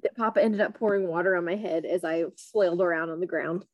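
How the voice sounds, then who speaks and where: A young adult woman co-hosting a podcast, reminiscing in a lively way. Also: fairly low pitch, fast, no echo, lo-fi sound. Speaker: podcast co-host. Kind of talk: casual family podcast chat.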